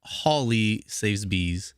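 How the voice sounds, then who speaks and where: A man's voice: fairly low pitch, animated, very slow, clean tone, dry recording, clean studio sound. A man hosting a podcast in casual chat, upbeat and joking at his own expense. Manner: upbeat, joking, self-mocking. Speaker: podcast host.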